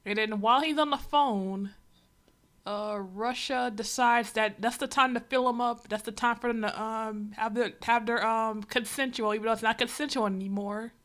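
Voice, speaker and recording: Woman streamer, slightly high voice, rambling sarcastic reaction commentary. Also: fairly even intonation, normal speed, a bit bright. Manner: sarcastic, exasperated; rambling with many asides. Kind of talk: casual reaction commentary on a comic.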